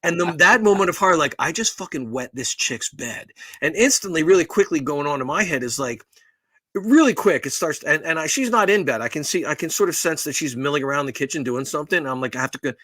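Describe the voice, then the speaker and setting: This middle-aged man co-hosts a podcast, talking fast in an animated voice on the high side with a bit of brightness. The recording has no room sound, and his casual story rambles along, profane and self-deprecating.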